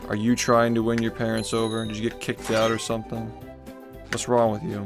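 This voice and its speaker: Young guy streamer ranting at chat, swears a lot, mocking, low gravelly voice, game music going. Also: monotone, brisk. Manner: sarcastic, profane, mocking. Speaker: livestreamer.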